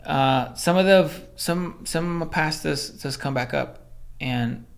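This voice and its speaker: Gravelly-voiced man telling army stories. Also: a little high, slow pace. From Los Angeles. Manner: animated storyteller, acts out quotes, swears, many fillers. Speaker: guest, former Army Ranger. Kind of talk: casual storytelling in interview.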